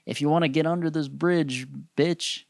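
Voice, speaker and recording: A man's voice: fairly high pitch, steady tone, moderate pace, vocal fry, no room sound, clean studio sound, voice pushed up. A man putting on the voice of a swaggering, taunting bridge troll who swears at challengers. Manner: taunting, profane, cocky.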